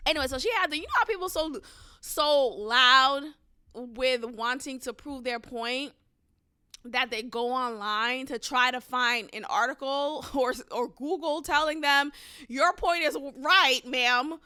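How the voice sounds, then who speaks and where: Woman podcast host, high bright voice, emphatic storyteller, dry close sound. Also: unhurried, clean tone, no echo. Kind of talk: casual storytelling chat.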